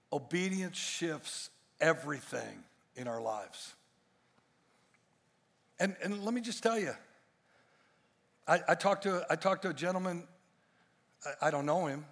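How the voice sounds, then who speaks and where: A man's voice: fairly high pitch, animated, slow, gravelly, pauses often, in a large hall. A male pastor delivering a sermon to a congregation, emphatic and full of rhetorical questions and jokes. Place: church stage before a congregation.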